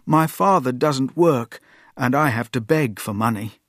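A man's voice: mid-range voice, a little slow, fairly bright tone, dry recording, clean studio sound, close to an everyday voice. A man voicing a poor young beggar boy who answers politely and plainly, in a storybook reading. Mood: humble. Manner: polite and plain, says sir.

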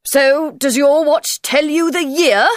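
A woman voicing a whimsical, rude male hatter at a tea party, speaking slowly and emphatically in a storybook reading. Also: sits high, dry recording, clean studio sound, voice pushed up. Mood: bossy.

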